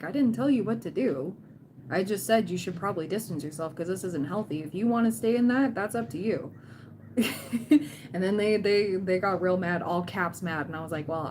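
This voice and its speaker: A woman's voice: lowish voice, darkish tone, a little hiss or hum. A woman hosting a tarot livestream, chatting casually and cheering on her viewers, often quoting people in playful voices.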